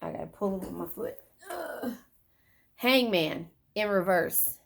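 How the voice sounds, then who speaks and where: Gravelly-voiced woman giving a blunt tarot reading. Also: mid-range voice, big pitch swings, unhurried. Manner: blunt, profane and chatty, talking straight to viewers. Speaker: tarot reader. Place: in a car.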